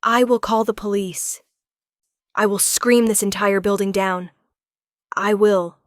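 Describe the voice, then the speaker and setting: A desperate young single mother, played by a woman narrator, whose voice cracks with fear as she pleads. The delivery stays fairly flat, and the recording is dry and close. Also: medium pitch, takes it slowly, dry recording, close to an everyday voice. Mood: furious.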